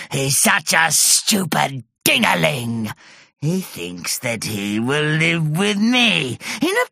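A woman's voice: low-pitched, gravelly, bright, forceful tone, breathy edge, dry recording, clean studio sound, exaggerated voice. A woman voicing a sneaky, gloating female sea monster with a gurgling voice, in a storybook reading. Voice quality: gurgling, gloating, sing-song menace.

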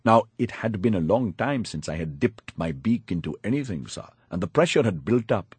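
A man's voice: lowish voice, sing-song, normal speed, slightly rough, no room sound. A man narrating a first-person audiobook in a wry, confiding storytelling manner, on a close studio mic.

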